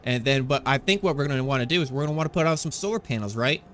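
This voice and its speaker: A man's voice: medium pitch, lively intonation, very fast, fairly bright tone, slight background noise. Chatty man rambling over gameplay. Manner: chatty, rambling, self-correcting. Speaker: gaming channel host. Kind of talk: casual gameplay commentary. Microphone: desktop microphone.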